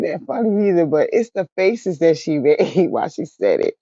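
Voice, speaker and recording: A woman's voice: deep voice, sing-song, normal speed, warm tone, no room sound. A woman recapping a reality show in a casual chat, keeps breaking into laughter mid-sentence and calls her viewers y'all. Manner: chatty, addresses viewers as y'all. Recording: dry, dull lo-fi sound.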